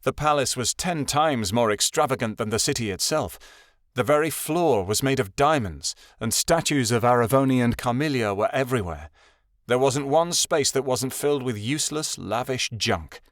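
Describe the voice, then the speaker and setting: A man reading a fantasy audiobook aloud as narrator, in a steady, even storytelling read. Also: medium pitch, dry recording, studio quality.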